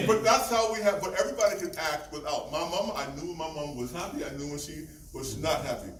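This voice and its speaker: An older man from Virginia, a panel guest telling lively stories with frequent laughter. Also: high voice, fast talker, few pauses. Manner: animated, laughing, swings between loud and hushed. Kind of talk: storytelling on a convention panel. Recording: echoey hall from far off, noisy.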